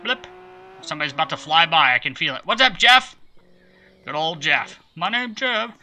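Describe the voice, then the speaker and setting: A man's voice: a little high, sing-song, moderate pace, bright, forceful tone, rough recording. A man hosting a live game stream, chatting playfully and greeting viewers by name as he plays.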